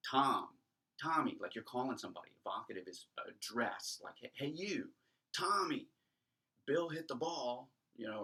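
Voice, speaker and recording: A middle-aged man lectures casually on Greek grammar, his voice low and a little husky. He talks in a loose, conversational way, often stopping to restart a sentence or fill a pause with "um." The delivery feels like an informal class. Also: fairly bright tone. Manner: chatty, restarts sentences often, many ums.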